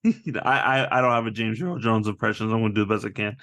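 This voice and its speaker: A man co-hosting a casual movie review podcast, animated and laughing often as he acts out scenes. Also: fairly low pitch, racing, creaky. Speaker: podcast co-host.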